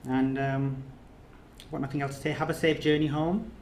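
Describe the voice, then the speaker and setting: A man's voice: mid-range voice, level tone, moderate pace, darkish tone, echoey room, a little hiss or hum. A man leading a course, giving an emotional thank-you speech, earnest and repetitive, his phrases rising to emphatic peaks. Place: reception room of an official residence.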